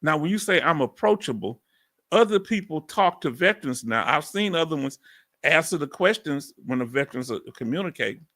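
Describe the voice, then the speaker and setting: A middle-aged man with a strong Southern accent from Texas, loudly and folksily chatting live with his viewers as host. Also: on the high side, lively intonation, brisk. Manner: loud and folksy, reads out viewer comments. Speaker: livestream host. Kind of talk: casual live chat with viewers.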